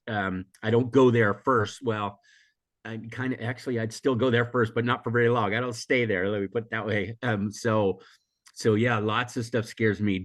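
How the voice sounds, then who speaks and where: With a medium-pitched voice, an older American emotional intelligence teacher chats reflectively as a guest in a casual interview. He rambles, keeps restarting and correcting himself, and laughs a lot. He's still hoarse and coughing while recovering from an illness.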